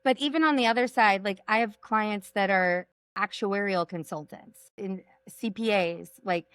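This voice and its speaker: A Texan woman, an executive coach and sales trainer, speaks emphatically as a podcast interview guest, repeating her points for punch. Her voice is medium-pitched, a bit bright and smooth, at normal speed, with no room sound.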